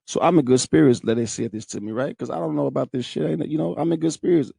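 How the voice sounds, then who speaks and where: A man's voice: on the high side, fast talker, creaky, dark tone, husky, dry recording, clean studio sound. A young man hosting a podcast, telling a personal story in a candid, profane, emotional way. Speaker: podcast host.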